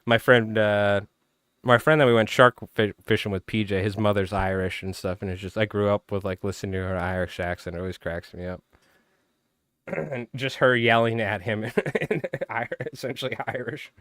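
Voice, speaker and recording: A man's voice: lowish voice, normal speed, a bit bright, smooth, no room sound, studio quality. A man hosting a casual fly-tying livestream, rambling loosely and chatting with viewers while his voice is strained and tired. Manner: rambling, loose, talks to chat by name. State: strained, tired voice, clearing throat. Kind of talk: casual live-stream chat.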